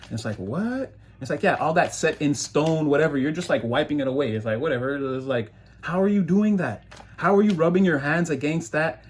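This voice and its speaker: Husky man giving a rambling tarot reading. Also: a little fast. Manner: rambling, animated, puts on high mocking voices for quoted people. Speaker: tarot reader.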